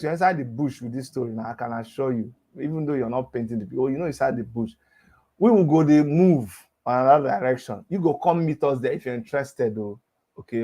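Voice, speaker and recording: In a slightly high voice, a fifty-something man with a Nigerian accent mocks his subject in animated Pidgin-tinged talk, breaking into laughter between phrases.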